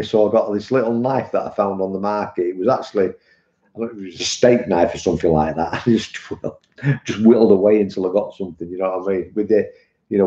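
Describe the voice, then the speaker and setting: A man's voice: low voice, warm tone. Chatty British man, rambling live stream. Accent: British English. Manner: rambling, chatty, addresses viewers as "mate". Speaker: vape reviewer and live streamer. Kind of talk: casual live-stream chat. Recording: muffled, echoey room.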